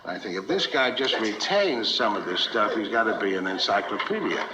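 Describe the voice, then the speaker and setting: A man hosting a talk show, teasing a guest in halting, restarting banter. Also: fairly low pitch, lively intonation, echoey room. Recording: dull old TV audio with hiss.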